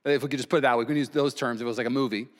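A man preaching a sermon as pastor, emphatic, swinging between loud and hushed delivery. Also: medium pitch, steady tone, very fast. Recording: long reverb from a large hall.

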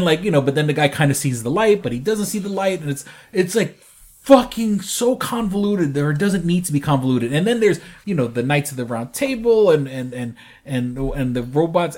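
A man co-hosting a casual movie podcast, rambling and swearing, full of fillers and restarts. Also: on the high side. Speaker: podcast co-host. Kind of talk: casual chat about movies.

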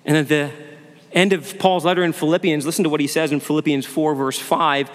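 A man's voice: a little high, fairly even intonation, fairly quick. Man preaching in a church, earnest, keeps asking the room questions, long echo around him. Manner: earnest preaching with rhetorical questions and repeated words. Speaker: pastor. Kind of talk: sermon. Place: church sanctuary. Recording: long hall reverb.

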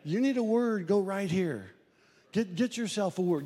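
A man preaching a sermon to a church, animated and acting out the voices he quotes. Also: a little fast, in a large hall. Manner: animated preaching, acts out quoted voices, rises and drops in pitch.

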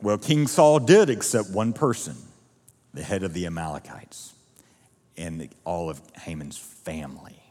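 A man preaching a sermon as pastor, telling the story with lively acted-out dialogue. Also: deep voice, a little slow, in a large hall. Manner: animated storytelling, acting out quoted voices. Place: church auditorium.

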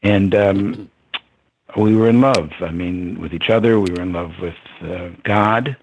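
An older man tells a long personal story to an interviewer. His voice sits low and slightly husky, and he muses aloud with ums and soft chuckles. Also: measured pace, dull audio. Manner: reflective, chuckling, with fillers. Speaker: interview guest.

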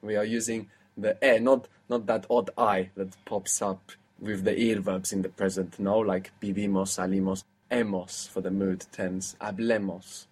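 A man's voice: lowish voice, flat delivery, normal speed, hardly any pauses, a little mellow, slightly rough. A man teaching a language lesson, explaining step by step and prompting his student.

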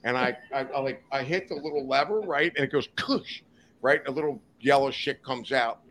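A man's voice: mid-range voice, brisk, slight background noise. A man telling a wild story as a podcast guest, cursing freely and laughing as he goes. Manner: profane, animated anecdote-telling with laughter. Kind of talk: casual storytelling. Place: podcast studio.

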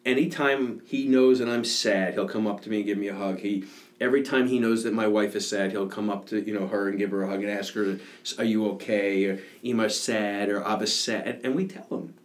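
A man's voice: on the low side, steady tone, fairly quick. A man in his thirties, a father and fire captain, telling emotional stories in an earnest podcast conversation. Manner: emotional, earnest storytelling with laughs.

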